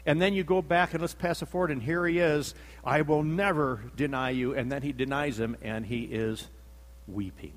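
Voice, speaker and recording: A man's voice: a little high, fairly even intonation, moderate pace, in a large hall. A man preaching a sermon, telling the story dramatically, acting out the quotes and repeating himself for emphasis.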